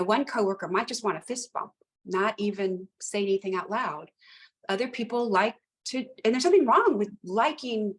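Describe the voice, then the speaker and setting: Animated woman telling a work story. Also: medium pitch. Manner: animated, emphatic, repeats phrases for effect. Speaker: retired police lieutenant, guest. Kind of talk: conversational storytelling.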